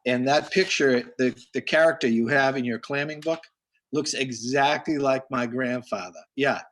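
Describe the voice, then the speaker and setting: Male host, mid-pitched, rambling anecdotes, video call audio. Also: moderate pace, fairly bright tone. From Massachusetts. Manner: rambling storyteller, restarts often. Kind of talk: casual video call chat.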